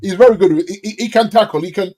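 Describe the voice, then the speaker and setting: A man co-hosting a football podcast who talks in animated bursts and stammers as he gets going. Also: high voice, racing. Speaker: podcast co-host. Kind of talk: casual football chat.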